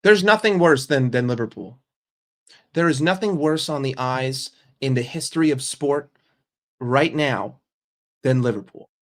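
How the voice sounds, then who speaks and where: A man's voice: mid-range voice, unhurried. An American man ranting as a football fan vlogger, emphatic and profane. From United States.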